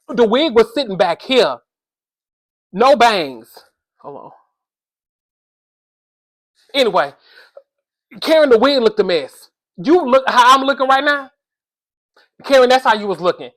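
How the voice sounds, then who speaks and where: A woman giving casual comedic commentary on reality TV, animated and exasperated, scolding in slangy talk and speaking to her viewers as y'all. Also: on the high side, normal speed, long pauses.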